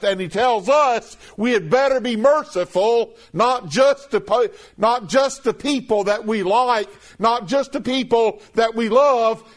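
High-voiced emphatic male preacher. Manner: emphatic, repeating phrases with rising and falling pitch. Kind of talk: sermon.

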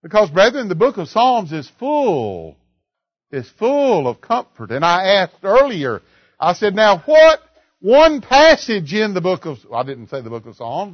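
A male preacher with a high, very animated voice that climbs and slows on the big lines. The recording is close and dry, with a dull, lo-fi tone. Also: dry recording. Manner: storytelling, then rising and slowing for emphasis on key lines. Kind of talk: sermon.

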